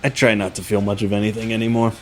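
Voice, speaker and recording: An actor playing a weary, drink-sodden male assistant who sounds flustered, flat and jaded. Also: fairly low pitch, fast talker, a little hiss or hum, natural voice.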